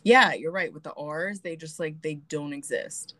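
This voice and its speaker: A woman's voice: low voice, moderate pace, a bit bright, no room sound. A young woman co-hosting a casual podcast, bubbly and jokey, laughing often as she chats with her best friend. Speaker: podcast co-host. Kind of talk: casual chat.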